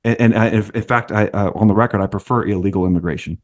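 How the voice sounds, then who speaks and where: A man talking on a panel in a rambling, halting way, with many restarts. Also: on the low side. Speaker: podcast panelist. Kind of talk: casual round-table discussion.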